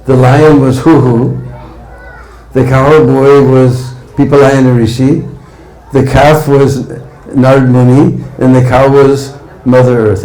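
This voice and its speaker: A man's voice: mid-range voice, dark tone, reverberant, poor audio. A man preaching a devotional story sermon, often tagging lines with "hmm?" and "huh?".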